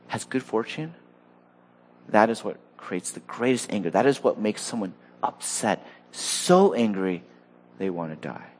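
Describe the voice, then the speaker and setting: A man preaching a sermon, animated, acting out quotes and often repeating words as he goes. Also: medium pitch. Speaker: pastor.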